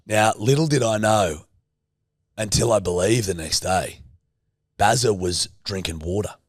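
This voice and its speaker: A man's voice: fairly low pitch, a little slow, no echo, studio quality. A man, co-hosting a podcast and telling a rowdy story, swearing heavily. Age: 30s. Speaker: podcast co-host. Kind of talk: casual chat.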